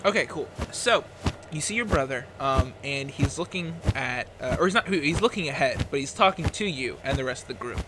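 Halting male game master, noisy mic. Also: medium pitch, animated. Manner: halting, many "uh" and "um". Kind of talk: narrating a tabletop game.

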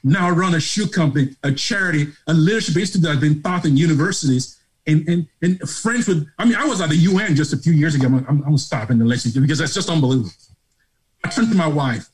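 A middle-aged man with a Nigerian accent, a charity founder telling his story as an interview guest in a passionate, preacher-like way that swings from hushed to loud. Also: on the high side, lively intonation, brisk, slightly rough, rough recording. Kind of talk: emotional motivational storytelling.

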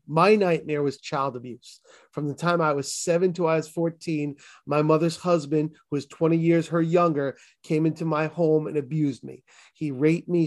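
A man's voice: fairly high pitch, a little mellow. A man in his fifties with a Boston accent, a pastor giving his testimony as an interview guest, earnest and emphatic, stumbling over restarts. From Massachusetts. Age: 50s. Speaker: pastor and author.

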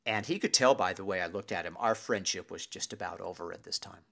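A man telling a personal anecdote to an audience in a lively, animated way, with pauses and asides to his listeners. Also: deep voice, creaky. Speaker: storyteller.

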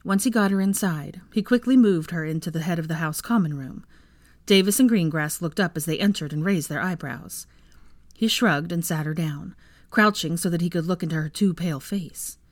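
A woman reading fan fiction aloud as narrator, at an even, steady pace. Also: lowish voice, normal speed, no echo.

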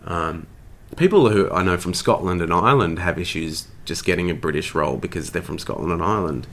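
A man with a very low voice and an Australian accent, from Tasmania, talks easily about his career. His delivery is chatty and self-deprecating, loose and unhurried, like a guest who is comfortable with the host. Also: fairly bright tone. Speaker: actor, interview guest. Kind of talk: casual interview storytelling.

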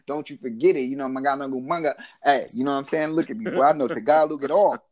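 A man from Oakland co-hosting a podcast, telling stories in casual banter, laughing often and breaking into loud shouts. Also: medium pitch, quick pace. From Oakland, California. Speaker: podcast co-host.

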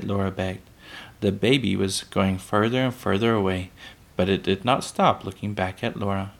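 A man reading a children's book aloud, unhurried, with small slips that he corrects. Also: deep voice, vocal fry.

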